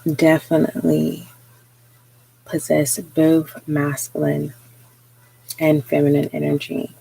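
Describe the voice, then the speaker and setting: Slow, flat, gravelly tarot reader. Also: mid-range voice, rough recording. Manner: slow, hesitant, many pauses and fillers; earnest, encouraging. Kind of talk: live spiritual reading monologue.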